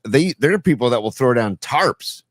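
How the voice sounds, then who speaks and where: A man's voice: medium pitch, expressive, normal speed, no room sound, clean studio sound. A man co-hosting a podcast, talking in loose, rambling casual chat full of fillers. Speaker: podcast co-host.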